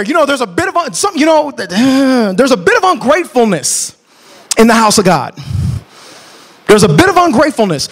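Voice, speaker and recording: A man teaching a church marriage class, preaching in an animated, colloquial way that bursts into shouts. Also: very high voice.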